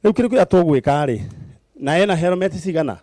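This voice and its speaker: Brisk Kenyan man hosting a live show. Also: sits high, expressive, mellow, no room sound. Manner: brisk, coaxing, gives instructions. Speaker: TV show host. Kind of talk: lively live TV game segment.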